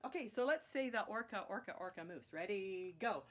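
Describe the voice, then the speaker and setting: A woman's voice: medium pitch, lively intonation, brisk, fairly bright tone. A woman teaching a children's music class, chanting rhythm words and cheering on her young learners. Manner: encouraging, sing-song chanting of rhythm words.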